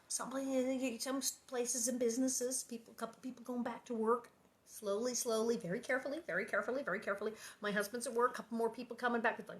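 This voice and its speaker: A woman reading a book aloud at home and chatting between chapters, animated and quick to laugh. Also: fairly high pitch. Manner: animated, chatty, laughs often, acts out quotes. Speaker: reader and host of a reading series. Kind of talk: reading aloud and casual chat.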